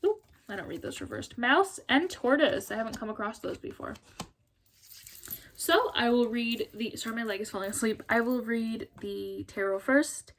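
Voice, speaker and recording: A woman's voice: a little high, animated, moderate pace, a little hiss or hum. A young woman giving a casual tarot reading to camera, chatty and apologetic, laughing often and sounding tired. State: tired, yawning. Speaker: tarot reader.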